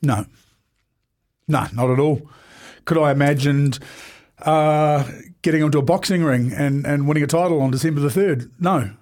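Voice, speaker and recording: A man in his forties talks candidly as a podcast guest, his voice sitting a touch high for a man. He speaks earnestly and haltingly, full of ums, restarts and trailing thoughts. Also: darkish tone. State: emotional at times. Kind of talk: candid conversation.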